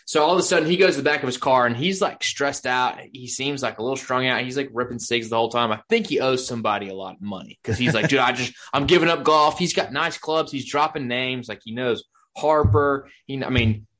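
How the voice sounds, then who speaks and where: A man's voice: medium pitch, brisk, hardly any pauses, a bit bright. A man telling a long, rambling story in casual podcast chat, acting out what people said. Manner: rambling storyteller, acts out quotes.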